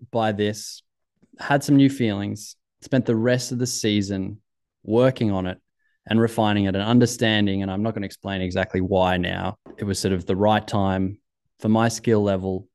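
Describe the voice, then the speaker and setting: Australian man telling a story in a low voice. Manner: animated, acts out both sides of dialogues. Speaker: ski coach. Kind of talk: storytelling talk.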